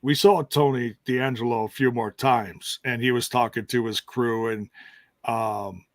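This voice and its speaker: A man's voice: mid-range voice, fairly even intonation, unhurried, no echo. A man co-hosting a podcast, chatting casually and jokingly about wrestling. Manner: chatty, jokey, laughs often. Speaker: podcast co-host. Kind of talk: casual wrestling recap chat.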